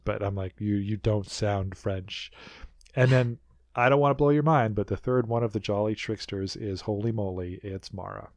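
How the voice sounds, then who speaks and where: A man co-hosting a podcast, chatting in a rambling, animated way as he recaps a show. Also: lowish voice, fairly quick, no echo. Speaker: podcast co-host. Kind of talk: casual recap chat.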